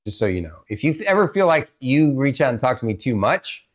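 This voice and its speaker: A man's voice: medium pitch, very animated, fairly quick. A man from Texas co-hosting a casual podcast chat, chatty and prone to restarts. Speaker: podcast co-host.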